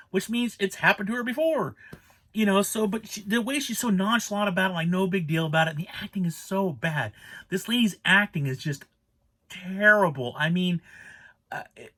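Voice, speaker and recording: Fast-talking exasperated man ranting about a movie. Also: sits high, bright, forceful tone. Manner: rambling, exasperated ranting with many restarts. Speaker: movie reviewer. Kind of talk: casual spoken movie review.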